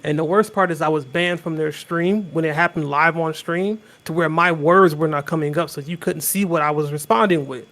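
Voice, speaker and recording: A man guest-hosting a podcast in casual chat, talking in an emphatic, animated way. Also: fairly high pitch, a little fast, hardly any pauses.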